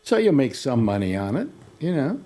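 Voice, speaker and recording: A man's voice: mid-range voice, sing-song, moderate pace, dark tone. Older guy host, rambly, voice bounces all over, keeps restarting. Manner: rambling storyteller, many restarts. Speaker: talk show host. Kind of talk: casual chat.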